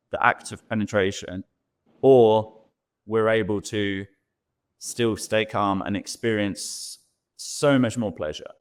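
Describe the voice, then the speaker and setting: A man's voice: lowish voice, smooth. A man co-hosting a talk show, giving earnest coaching advice and acting out quoted thoughts. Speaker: co-host, sex expert.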